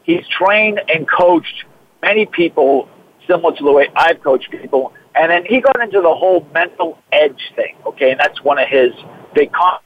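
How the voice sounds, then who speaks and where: A man's voice: on the high side, expressive, moderate pace, slight background noise. A man with a Boston accent, talking in a rambling, enthusiastic way on a radio show. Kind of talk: casual radio talk. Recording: phone-line sound.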